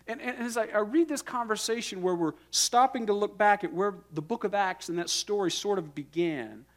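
A man delivers a sermon from a church platform, his voice a touch higher than most men's. He speaks earnestly and with lively energy, drawing key words out slowly and letting his phrases fade softly at the end. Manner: earnest, lively preaching with dramatic slow emphasis and soft trailing endings. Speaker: guest pastor. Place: church sanctuary.

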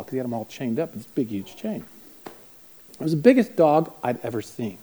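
A man speaking to a live class, telling a story with lively acted-out voices. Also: a little high. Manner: animated, acts out voices in his stories. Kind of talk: storytelling talk to a live group.

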